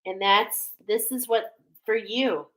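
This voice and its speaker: A woman giving a spiritual oracle card reading to her viewers, speaking with emotional awe and warm affirmations. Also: medium pitch, fairly even intonation, slow, poor audio.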